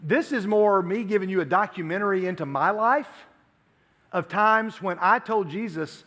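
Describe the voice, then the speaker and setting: A man's voice: high-pitched, unhurried. A man preaching to a youth group, telling stories animatedly and acting out the dialogue. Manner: animated storytelling, acts out dialogue. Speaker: youth pastor. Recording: long hall reverb.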